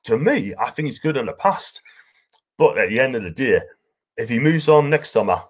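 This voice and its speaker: A man's voice: fairly low pitch, husky. A man with a broad North East English accent hosting a live stream, chatting casually and reading out viewer comments in a rambling, affectionate way. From North East England. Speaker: livestream host.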